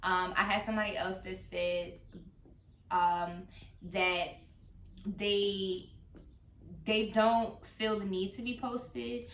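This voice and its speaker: A woman's voice: mid-range voice, level tone, slow pace, pauses often, fairly bright tone, roomy sound, distant mic, slight background noise. A woman hosting a casual podcast, laughing often and talking loosely with plenty of fillers. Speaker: podcast host.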